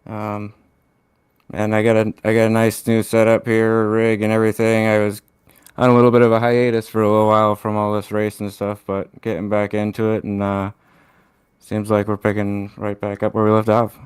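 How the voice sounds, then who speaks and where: A man, a racing driver, giving a halting, laid-back post-race interview. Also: lowish voice, monotone, clear, resonant tone, dry recording, clean studio sound.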